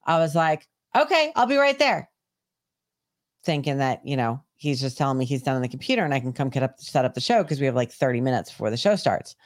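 A woman's voice: a bass voice, fast, few pauses, dry recording, studio quality. A woman co-hosting a podcast, telling a long casual story with lots of swearing. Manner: profane, animated storytelling. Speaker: podcast co-host. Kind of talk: casual chat.

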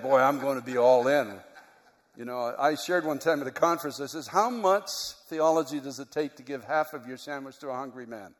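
Man preaching in an echoing hall. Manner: builds from quiet, reflective teaching to loud, high-pitched preaching. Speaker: pastor. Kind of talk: sermon. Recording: long hall reverb.

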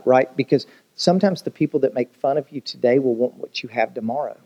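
A man's voice: mid-range voice, brisk, dull audio. A man preaching a sermon as pastor, telling jokes and stories and asking the congregation rhetorical questions.

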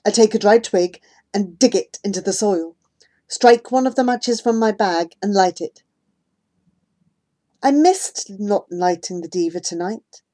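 A woman giving gentle, measured first-person narration of a storybook. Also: medium pitch. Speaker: audiobook narrator.

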